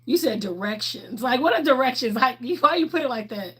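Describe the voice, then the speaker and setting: A woman's voice: a little high, lively intonation, fairly quick, a bit bright, breathy edge. A middle-aged woman, chatting candidly on a livestream and answering viewers' questions, laughing often. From Texas, USA. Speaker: livestream host.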